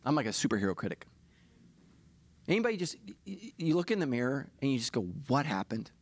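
A man's voice: medium pitch, very animated, fast talker. A middle-aged man, a pastor, preaching a sermon in a confessional, self-deprecating way that builds to impassioned preaching.

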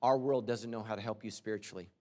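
A man preaching a sermon as pastor, moving between loud outbursts and quiet confession, with humorous asides. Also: lowish voice, steady tone, fast. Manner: humorous asides and acted-out quotes. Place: large church auditorium. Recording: long reverb of a large hall.

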